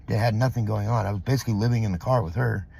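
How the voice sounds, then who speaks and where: A man's voice: lowish voice, steady tone, racing, creaky, dark tone, a little hiss or hum. A middle-aged man from Southern California, venting in a rambling, profane vlog monologue full of fillers, recorded in a parking lot. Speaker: vlogger.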